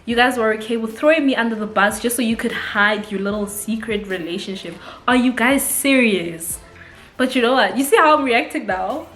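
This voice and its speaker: A woman from South Africa with a South African accent, telling a story in a casual, animated vlog and laughing often. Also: a little high, moderate pace, reverberant, soft background music. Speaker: vlogger.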